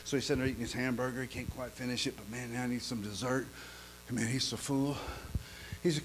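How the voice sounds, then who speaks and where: A man preaching in a folksy, joke-telling sermon style, stammering and repeating himself, swinging from quiet asides to loud punchlines. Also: mid-range voice, fairly even intonation, fast, a little hiss or hum. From lives in Oklahoma.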